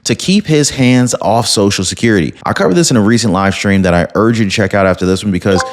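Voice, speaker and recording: A man's voice: fairly low pitch, fast talker, a little hiss or hum. A man hosting a video commentary channel, talking emphatically and addressing his viewers directly.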